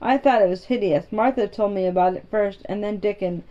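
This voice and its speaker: A woman's voice: medium pitch, fairly quick, dark tone, lo-fi sound, close to an everyday voice. A woman voicing a frank, contrary young girl who speaks plainly and earnestly, in a storybook reading.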